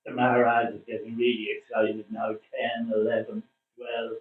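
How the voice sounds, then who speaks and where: An older man from Ireland, a former cricketer, reminiscing in a casual interview, telling his stories with plenty of "uh" pauses. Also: medium pitch, monotone, slight background noise. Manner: chatty storyteller with frequent "uh" pauses. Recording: distant, phone-like, roomy sound.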